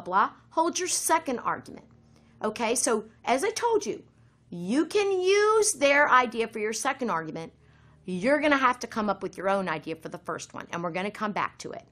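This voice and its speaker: Woman teacher, lively up-and-down delivery, walks students through a recorded lesson. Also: a little high. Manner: instructive, lively, direct address to students. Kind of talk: recorded essay-writing lesson.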